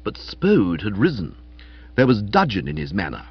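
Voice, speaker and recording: A man narrating a comic story in the first person, in a lively, playful reading. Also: lowish voice, normal speed, slightly rough. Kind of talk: scripted audiobook narration. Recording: dull, muffled audio.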